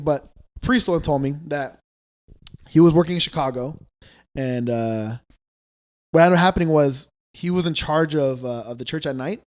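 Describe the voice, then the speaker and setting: A man co-hosting a podcast, telling ghost stories in casual chat, loose and swearing, acting out the people he quotes. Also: on the high side. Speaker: podcast co-host.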